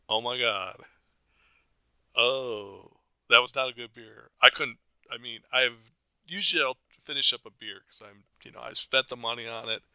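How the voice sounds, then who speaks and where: A man's voice: medium pitch, gravelly, bright, forceful tone, dry recording. A middle-aged American man and father, chatting casually on a podcast and rambling through stories with frequent laughs. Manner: rambling, storytelling, laughs often. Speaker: co-host, father.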